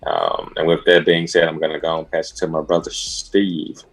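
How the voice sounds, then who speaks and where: A man from Mississippi, a therapist co-hosting a podcast, calmly signing off with encouragement. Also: rumbling low, moderate pace. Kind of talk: casual sign-off.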